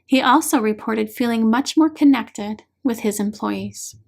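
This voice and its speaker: A woman reading her own book aloud as an audiobook, in a calm, measured way. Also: fairly high pitch, creaky. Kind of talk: audiobook narration.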